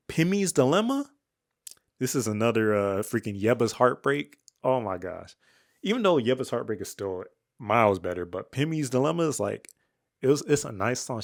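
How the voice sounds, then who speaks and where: A young man giving a candid, slangy album review, rambling with fillers and restarts, dropping to low mutters and jumping up when excited. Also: gravelly. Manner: swings between flat mutters and excited highs. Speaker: music reviewer. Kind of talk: casual album review monologue.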